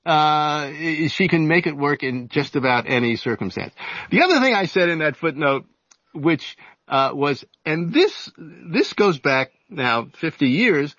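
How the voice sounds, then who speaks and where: A man in his seventies, an author and journalist giving an interview, telling stories in a halting way full of fillers and restarts. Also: fairly high pitch, expressive, a bit bright, dry recording, muffled recording. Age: 70s. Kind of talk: casual storytelling interview.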